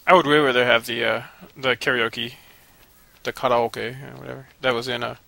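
A man's voice: mid-range voice, level tone, moderate pace, gravelly, pushed and bright, no room sound. A man giving rambling, casual commentary while playing a video game, cranky and profane and often laughing. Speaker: let's play commentator.

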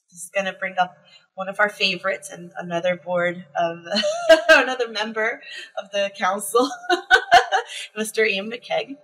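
A woman guest telling a candid, reflective story about her work, with frequent ums and soft laughs. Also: mid-range voice, poor audio. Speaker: concept artist guest.

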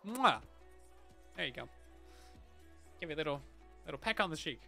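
Talking fast over faint music, a man streaming a game on a headset mic mutters to himself, hums while building, and thanks viewers by reading their chat names. His voice is on the high side, gravelly, animated, and pushed and bright.

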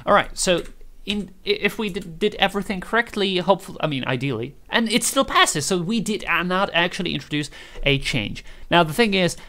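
A man's voice: high voice, expressive, a little fast, sharp tone. A man talking loosely through a tutorial, thinking aloud, joking and swearing casually. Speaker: programming tutor. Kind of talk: casual screen-recorded tutorial.

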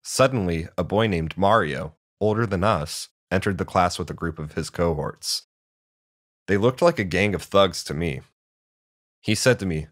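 A man narrating a first-person story in a steady, measured way. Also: sits low, no room sound, studio quality.

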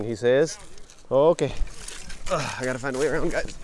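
A young man, chatting excitedly to viewers while wading a creek, sniffling from allergies. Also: mid-range voice, moderate pace, slight background noise. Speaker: bottle-hunting vlogger. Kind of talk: casual outdoor vlog narration. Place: outdoors in a creek.

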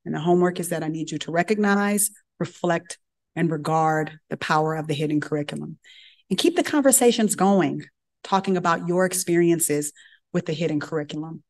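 A woman's voice: low-pitched, fairly quick. A woman giving a lecture, telling a story and acting out the dialogue in character voices. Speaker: guest speaker at medical grand rounds.

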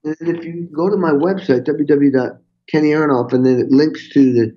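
An older man, a guest on a podcast interview, telling stories in an animated, swearing way and acting out what people said. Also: on the high side, a little fast, lo-fi sound. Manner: animated, swearing, acts out quotes. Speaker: guest drummer. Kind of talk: storytelling interview.

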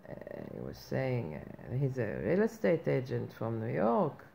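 A woman with an extremely low, warm, exaggerated voice, full of vocal fry and huge pitch swings, speaks at a measured pace. In a satirical comic monologue she plays a brash, self-important female reporter, blustering through a mock-earnest rant of outraged questions. The recording is muffled and lo-fi, with faint background noise.

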